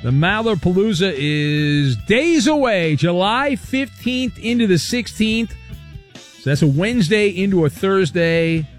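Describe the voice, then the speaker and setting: A man hosting a talk radio show, brisk and wisecracking, reading out listener questions. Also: high-pitched, lively intonation, soft background music. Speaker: radio host.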